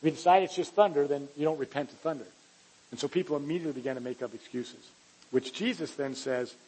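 A man's voice: medium pitch, fairly quick, warm tone, breathy edge, poor audio. A man preaching a sermon, earnest and emphatic, often restarting his phrases as he explains a scripture passage. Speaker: pastor.

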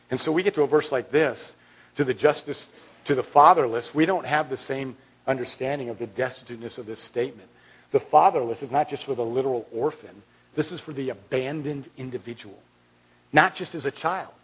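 A man preaching a sermon as pastor, earnest, swinging from loud to hushed and repeating words as he restarts. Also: mid-range voice, brisk, breathy edge, poor audio.

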